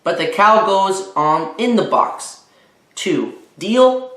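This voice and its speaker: An exasperated, bossy mother haggling over toys, her voice pitched up high, as a male storyteller puts her on. She sounds like she is in a roomy, echoey space. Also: expressive, slow pace, a bit bright, exaggerated voice. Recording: roomy echo.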